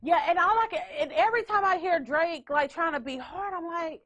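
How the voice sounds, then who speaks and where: A woman hosting a podcast, telling stories in a loud, animated way with playful asides. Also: very high-pitched, a little fast. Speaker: podcast host. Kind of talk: casual chat.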